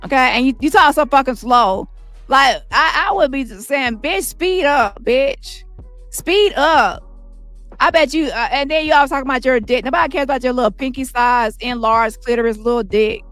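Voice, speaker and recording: A woman's voice: high voice, fairly quick, a bit bright, dry recording, soft background music. A woman delivering a brash, mocking, profanity-heavy commentary rant. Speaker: commentary channel host.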